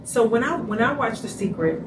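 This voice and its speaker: A woman's voice: a little high, lively intonation, normal speed. A woman hosting an interview, asking questions and affirming often. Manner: affirming, frequent back-channel replies. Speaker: interview host. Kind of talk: conversational interview. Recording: echoey room, distant mic, noisy.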